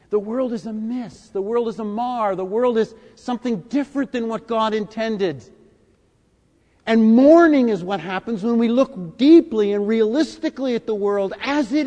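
Older male preacher, high voice, deliberate emphatic sermon, echoey hall. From United States. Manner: deliberate and emphatic, with big swings in loudness.

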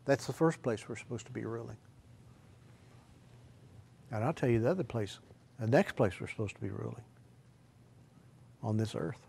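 A man preaching a sermon, telling rambling folksy stories and swinging from quiet asides to loud, shouted emphasis. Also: medium pitch, moderate pace, vocal fry, long pauses, husky.

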